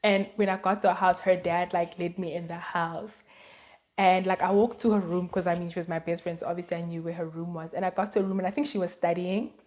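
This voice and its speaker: A woman's voice: lowish voice, fairly even intonation, fast, a little mellow. Chatty woman vlogging casually. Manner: chatty, storytelling, many fillers and "like". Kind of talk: casual chat to camera.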